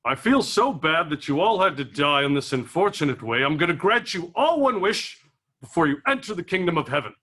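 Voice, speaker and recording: A man's voice: fairly high pitch, big pitch swings, fairly quick, sharp tone, heavily acted. A man voicing God as a genial, hammy male deity who talks like a game show host. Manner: hammy, announcer-like.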